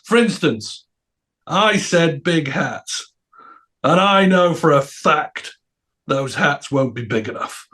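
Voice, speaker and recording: A man's voice: a little high, animated, takes it slowly, fairly bright tone. A man voicing a fussy, insistent male boss on a speakerphone, emphatic and repeating himself.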